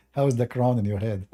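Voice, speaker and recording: A man's voice: medium pitch, dark tone, breathy edge. A man talking casually as a religious commentator, answering viewer questions in a rambling way with many fillers. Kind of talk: casual livestream chat.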